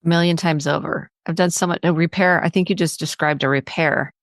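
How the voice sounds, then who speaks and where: Earnest, low-voiced woman podcast host. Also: steady tone, a little fast, no echo, clean studio sound. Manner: earnest, affirming, builds on guest's points. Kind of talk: podcast interview.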